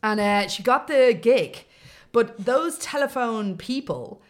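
Lively woman telling stories. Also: a little high, slow. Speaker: podcast co-host. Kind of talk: casual chat.

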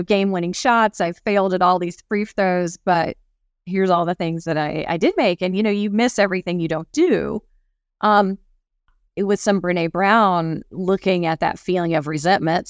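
Woman podcast co-host, middle-aged, lower voice, reflective storyteller, dry close sound. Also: steady tone, moderate pace, clean tone, no echo. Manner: reflective, tells examples, acts out quotes. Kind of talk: casual podcast chat.

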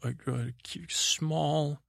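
A man's voice: fairly high pitch, steady tone, drawn-out words, vocal fry, a bit bright, no echo, studio quality. A man hosting a podcast, giving a rambling recap meant to lull listeners to sleep, meandering and full of fillers. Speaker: podcast host. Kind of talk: drowsy rambling episode recap.

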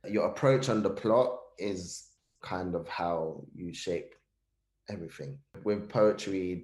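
A deep-voiced man speaks reflectively as an interview guest, circling back and restarting phrases as he thinks aloud. His low voice carries a roomy echo. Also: darkish tone. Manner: thoughtful, restarts phrases, uses British slang.

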